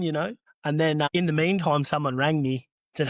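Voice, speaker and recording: Australian man, guest on a trade podcast, lively yarn-spinner, slightly high voice, dry close recording. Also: a little fast, few pauses, no echo. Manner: animated, acts out both sides of conversations. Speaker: podcast guest, earthmoving business owner. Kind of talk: casual storytelling.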